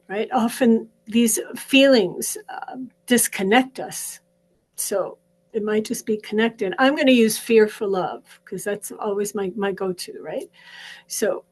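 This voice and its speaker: A middle-aged woman practitioner gently coaching listeners through a guided tapping exercise, repeating phrases in a steady rhythm. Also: a little high, rough recording. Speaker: wellness practitioner leading a session.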